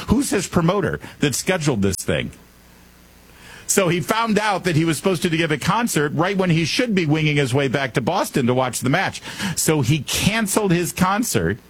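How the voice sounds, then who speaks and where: A man's voice: on the high side, a bit bright, husky. A man hosting a talk radio show, delivering a comedic monologue full of sarcastic jokes and wry asides.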